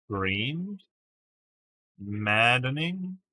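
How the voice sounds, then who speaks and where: A man's voice: mid-range voice, big pitch swings, drawn-out words, sharp tone. A man casually live-streaming a word puzzle, thinking aloud over his guesses and chatting with viewers by name. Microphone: webcam stream setup.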